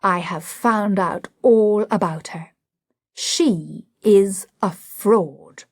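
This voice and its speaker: A woman's voice: mid-range voice, drawn-out words, breathy edge, dry recording, studio quality. A woman reading an audiobook, voicing a boastful man who speaks in grand, self-assured declarations. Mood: pompous. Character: pompous Hungarian man, boastful self-styled expert.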